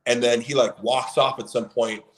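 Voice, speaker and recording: A man's voice: medium pitch, fairly even intonation, normal speed, slight background noise, low-quality recording. A man in his late thirties telling a story in casual chat, rambling with many fillers. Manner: rambling, heavy on fillers, acts out quoted people. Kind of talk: casual storytelling on a live stream.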